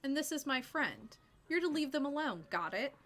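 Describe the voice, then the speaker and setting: A fierce, no-nonsense woman scolds a group of drunks, as a woman reads her out in her own bright voice. She speaks plainly and firmly, with a forceful edge. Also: high voice, sing-song, moderate pace, pitched above the performer's own voice. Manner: plain reading with no put-on voice.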